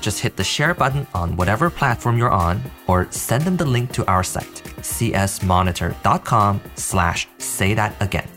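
A man co-hosting a podcast, narrating and asking questions in a calm, even way. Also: fairly low pitch, moderate pace, few pauses, faint music behind. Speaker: podcast host. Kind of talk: scripted narration.

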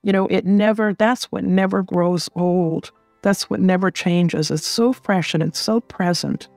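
Middle-aged woman, gentle reflective storytelling, repeats words, dry close sound. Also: on the low side, steady tone, a little slow, no echo, soft background music. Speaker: interview guest. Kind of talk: heartfelt personal storytelling.

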